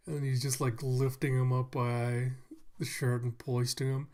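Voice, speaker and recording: A man's voice: medium pitch, little pitch movement, moderate pace, a little mellow. A man giving a casual manga review, animatedly retelling the scenes and acting them out.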